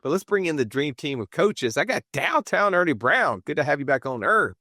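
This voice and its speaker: Emphatic Montgomery-accented man with a lively voice. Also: brisk, no room sound, studio quality. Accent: Montgomery, Alabama. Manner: emphatic, rhetorical, jumps in pitch for emphasis. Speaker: podcast host. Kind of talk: podcast talk on finance.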